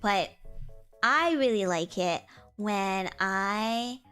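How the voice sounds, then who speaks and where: A woman's voice: expressive, very slow, fairly bright tone, clean tone, soft background music. Tired young woman streamer, chatty. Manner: chatty, laughs often, many fillers; switches between a higher voice and her lower natural voice. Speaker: VTuber streamer. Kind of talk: casual stream chat.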